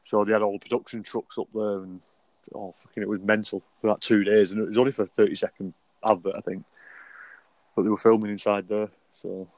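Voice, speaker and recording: A man's voice: fairly low pitch, little pitch movement, fairly quick, darkish tone, no room sound. Chatty man on a podcast. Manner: chatty, laughing, loose anecdotes. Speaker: podcast co-host. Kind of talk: casual podcast chat.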